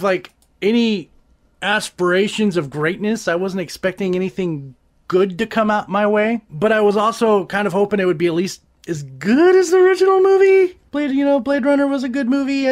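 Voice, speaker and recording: A man's voice: high-pitched, moderate pace. A man hosting a casual nerd podcast, ranting about a movie with lots of swearing and exaggeration. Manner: profane, animated, exaggerated. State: briefly out of breath. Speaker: podcast host.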